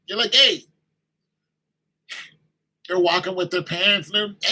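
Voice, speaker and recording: A man's voice: high-pitched, normal speed, sharp tone, rough recording. A man giving an informal sermon-style talk, conversational, acting out little exchanges with kids in raised voices.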